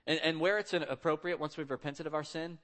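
A man's voice: a little high, steady tone, fast talker, a bit bright. A man in his thirties preaching a sermon in a conversational, storytelling way. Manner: conversational storytelling, acts out quotes. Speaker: pastor.

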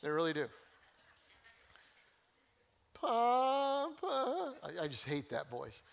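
Older man, pastor, sermon, folksy humor, higher-pitched voice. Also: steady tone, fast talker, creaky, a bit bright. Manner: folksy, humorous, passionate preaching.

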